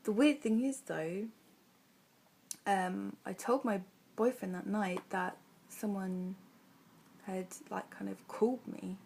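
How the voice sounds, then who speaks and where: Young woman vlogging, casual rambling storytelling, lots of likes and ums, mid pitch. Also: creaky, slight background noise. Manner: chatty and rambling, full of "like" and "um".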